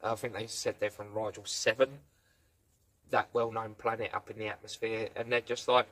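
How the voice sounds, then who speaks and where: A man's voice: lowish voice, little pitch movement, moderate pace, a bit bright. A man giving a casual spoken review, rambling through the plot and playfully acting out quoted lines. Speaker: film and TV reviewer.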